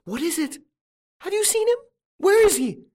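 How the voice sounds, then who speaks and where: A man putting on a shrill, frantic old farm wife. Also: big pitch swings, moderate pace, a little mellow. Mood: alarmed. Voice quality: shrill, very high falsetto.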